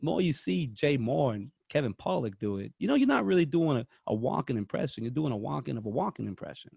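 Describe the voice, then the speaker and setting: A man's voice: medium pitch, sing-song, fast, creaky, a little mellow, breathy edge, no echo. A man in his thirties co-hosting a casual movie podcast, telling rambling anecdotes full of restarts. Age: 30s. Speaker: podcast co-host.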